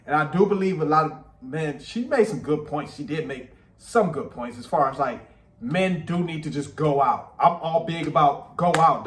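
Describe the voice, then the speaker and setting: A man with a high voice gives casual reaction commentary. He speaks bluntly and emphatically and repeats his points. The room around him is echoey. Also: fairly bright tone, slight background noise. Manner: blunt, repetitive, emphatic opinions. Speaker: commentary host reacting to a podcast clip.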